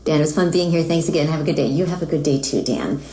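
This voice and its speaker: A woman's voice: sits low, fast, warm tone, echoey room, poor audio. A woman from the United States, a voice actress who chats casually with fans while she signs autographs. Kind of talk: casual live-stream chat.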